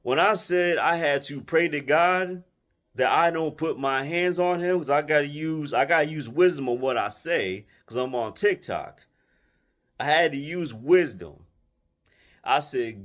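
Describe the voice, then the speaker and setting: A man's voice: a little high, a little slow, a bit bright. A man telling a personal story to his followers in a blunt, colloquial, emphatic way, often restarting and repeating phrases. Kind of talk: casual storytelling monologue.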